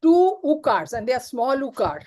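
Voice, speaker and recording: A woman's voice: high voice, very animated, moderate pace, darkish tone, low-quality recording. A woman, a student on a video call, pressing her teacher with persistent questions.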